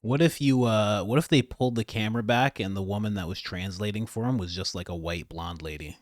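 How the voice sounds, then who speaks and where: A man's voice: lowish voice, fairly quick, dry recording. Chatty man, dry commentary. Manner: chatty and rambling, laughs at his own jokes. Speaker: commentator and channel host. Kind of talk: casual political commentary.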